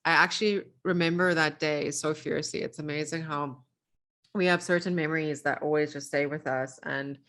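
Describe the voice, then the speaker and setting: A woman's voice: sits low, fairly even intonation, normal speed, fairly bright tone. A young woman coach, a guest on a podcast, talking in a casual, heartfelt way, gushing and laughing. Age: young adult.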